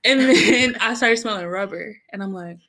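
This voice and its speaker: A young woman casually telling a story, animated and laughing often as she acts out her own reactions, with lots of "like" and "bro". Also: mid-range voice, moderate pace. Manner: heavy use of "like" and "bro".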